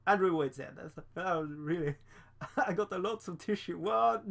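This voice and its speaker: A man's voice: on the high side, moderate pace, gravelly. A man casually chatting on a painting livestream, rambling, laughing often and reading the chat aloud. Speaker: streamer painting miniatures.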